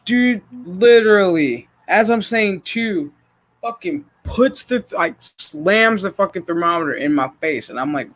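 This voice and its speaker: A woman hosting a casual chat stream, telling stories in a profane, animated way with lots of quoted dialogue. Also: fairly low pitch, a little slow. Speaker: streamer host.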